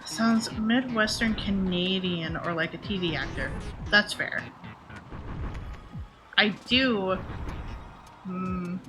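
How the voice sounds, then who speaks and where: A woman's voice: medium pitch, slow pace, long pauses, over music. A woman game streamer chatting casually and answering her viewers by name. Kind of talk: casual chat while streaming.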